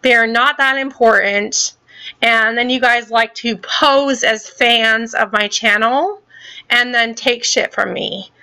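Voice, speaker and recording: A woman's voice: fairly high pitch, slow, pushed and bright, clear, resonant tone. A woman hosting her own gaming channel, delivering a heated, angry rant full of swearing and repeated points. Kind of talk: angry ranting vlog.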